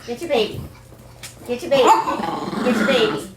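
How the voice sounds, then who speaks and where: A woman's voice: fairly high pitch, normal speed, very noisy. A woman who runs a senior dog sanctuary from her home, talking casually and in doting baby talk to her dogs, mixed with mock scolding.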